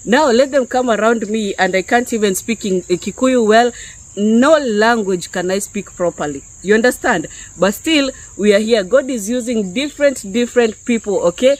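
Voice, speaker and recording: In low-quality audio, a woman from Kenya with a high-leaning, darkish voice teaches spirituality off the cuff to her YouTube audience at normal speed. She's a chatty, conversational preacher who keeps asking "okay?" and "yeah?"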